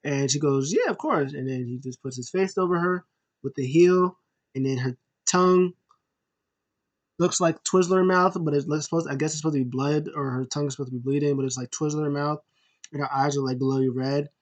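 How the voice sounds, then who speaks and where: Loose recap host, mid-pitched, rambly with fillers, jumps into quick put-on voices for quotes. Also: steady tone. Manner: rambling, many fillers and restarts. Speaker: show host. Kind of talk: casual wrestling recap.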